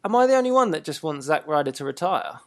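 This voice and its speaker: A teasing man jokes through a casual podcast chat. His pitch moves around animatedly, and he often pokes fun at the others. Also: big pitch swings, fast talker. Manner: teasing, joking banter.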